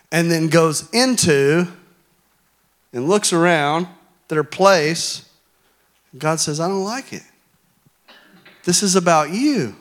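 Conversational preacher, joking with the congregation. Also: male voice, fairly high pitch. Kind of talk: sermon.

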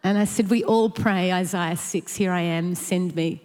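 A woman telling a lively personal story in a church talk, animated and laughing between lines. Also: on the low side, normal speed, big-room sound. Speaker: church speaker sharing a story.

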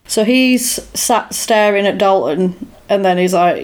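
A woman's voice: mid-range voice, unhurried. A woman in casual chat, laughing often and acting out the characters as she retells a film. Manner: chatty, laughs a lot, acts out lines. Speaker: podcast co-host.

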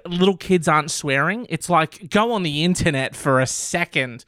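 A man's voice: high-pitched, fairly bright tone, dry recording, studio quality. A man hosting casual commentary on odd news stories, sarcastic and swearing freely. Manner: sarcastic, swears, laughs often.

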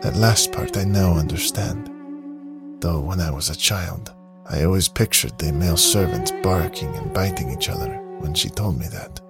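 A man reading the part of a calm, thoughtful woman, speaking in a measured, reflective way with a husky, creaky voice. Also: low voice, music in the background, full character voice.

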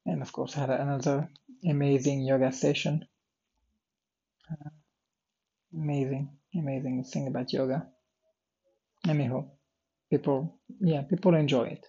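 A man's voice: medium pitch, fairly even intonation, unhurried, creaky, long pauses, dark tone, husky, lo-fi sound. A tired, yawning man talking through his day in a rambling diary style, full of fillers and restarts. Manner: meandering, many fillers and restarts, drifts off topic. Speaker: vlogger recording a daily audio diary. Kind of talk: rambling personal diary talk.

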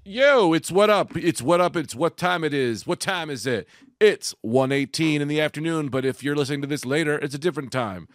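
A man hosting a casual podcast, a little stoned, launching into rambling, excitable comic rants. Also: a little high, brisk, no room sound, clean studio sound, faint music behind. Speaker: podcast host.

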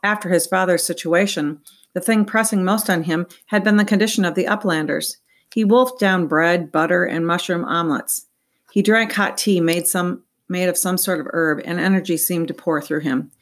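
Woman reading an audiobook, low voice. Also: moderate pace. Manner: steady reading with small slips. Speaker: audiobook narrator. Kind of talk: audiobook narration.

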